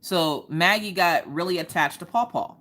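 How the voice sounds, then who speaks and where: A woman, hosting a casual craft livestream chat and telling stories in an animated way. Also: on the low side, normal speed. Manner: animated storytelling, acts out quoted voices.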